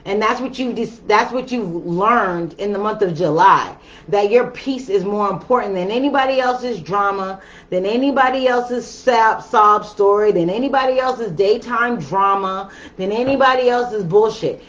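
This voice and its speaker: A woman's voice: mid-range voice, moderate pace, a bit bright. A woman giving a casual tarot reading, chatty and slangy, talking straight to her viewers. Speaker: tarot reader. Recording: dull lo-fi sound with faint ambience.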